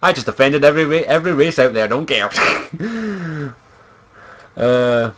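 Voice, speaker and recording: A man's voice: fairly high pitch, lively intonation, a little slow, fairly bright tone. A young man from Scotland, a streamer chatting casually in a profane, giggly, rambling way. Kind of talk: casual livestream chat.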